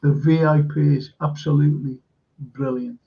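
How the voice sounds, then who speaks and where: Gravelly man rambling through a chat. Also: a little high, steady tone, moderate pace, muffled recording, a crowd in the background. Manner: rambling, enthusiastic storytelling with many fillers. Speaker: host. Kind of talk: casual chat on a live stream.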